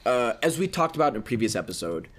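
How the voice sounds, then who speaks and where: A man's voice: medium pitch, very animated, fast talker, background noise. A man co-hosting a casual podcast discussion, earnest and rambling, often restarting his sentences. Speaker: podcast co-host, voice actor.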